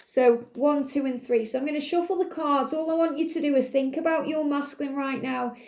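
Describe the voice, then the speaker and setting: A woman's voice: high-pitched, brisk, darkish tone, reverberant. A woman doing a guided card reading for viewers, speaking in a soothing, repetitive way and addressing the listener directly. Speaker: tarot card reader.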